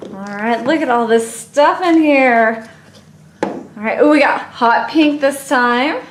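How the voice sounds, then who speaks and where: A woman with a high-pitched voice speaks slowly in a roomy space, with a little hiss or hum in the audio. On her own channel she unboxes toys, gushing, playful and squealing with delight at every surprise.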